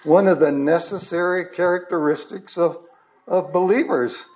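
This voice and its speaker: A man preaching a sermon as pastor, slow and earnest with emphatic stresses. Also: high-pitched, dull audio.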